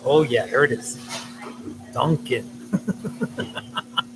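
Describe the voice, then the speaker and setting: A man's voice: mid-range voice, takes it slowly, long pauses, music in the background, low-quality recording. Playful man live-streaming from a coffee shop. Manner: playful, chuckling, greets chat by name. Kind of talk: casual live stream chat with viewers.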